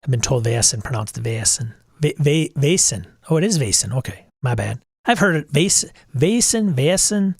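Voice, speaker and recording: A man's voice: medium pitch, lively intonation, normal speed, gravelly, hardly any pauses, husky, no echo, clean studio sound. Blunt exasperated middle-aged man host. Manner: blunt, exasperated, swears casually. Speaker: podcast host. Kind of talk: casual livestream talk.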